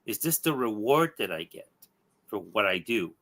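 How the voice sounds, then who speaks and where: A man's voice: fairly low pitch, big pitch swings, moderate pace, fairly bright tone, heavily acted. A man reading aloud the lines of a bitter dead circus performer turned ghost hero, indignant and self-pitying. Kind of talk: read-aloud comic dialogue.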